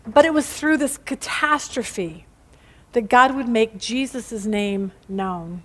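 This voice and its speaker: A middle-aged woman teaches a casual Bible study with a high voice. She is chatty and playful and tells her stories with humor. She acts out the quoted lines in funny voices. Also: lively intonation, unhurried.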